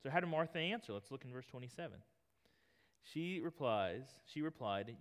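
A man's voice: medium pitch, lively intonation, moderate pace. A man in his thirties preaching a sermon, reading scripture and talking in an earnest, conversational way. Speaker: pastor. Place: church sanctuary. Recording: long hall reverb.

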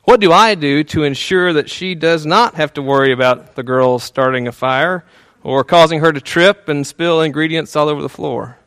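A man's voice: a little high, moderate pace, hardly any pauses, smooth, no room sound. Easygoing male preacher, dry close sound. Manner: relaxed, frequent "uh" fillers, chuckles at himself; soft, hushed tone when praying. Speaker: pastor. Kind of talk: conversational sermon.

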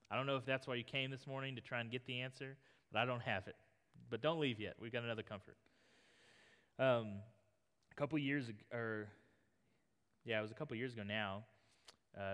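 A man's voice: medium pitch, a bit bright. A man in his thirties preaching a sermon, reading scripture and talking in an earnest, conversational way. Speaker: pastor. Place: church sanctuary. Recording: long hall reverb.

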